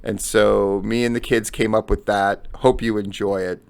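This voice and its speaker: Profane, animated male podcast host. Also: lowish voice, normal speed, gravelly, clear, resonant tone. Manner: heavy swearing, emphatic and animated. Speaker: news and commentary host. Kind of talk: profane ranting commentary.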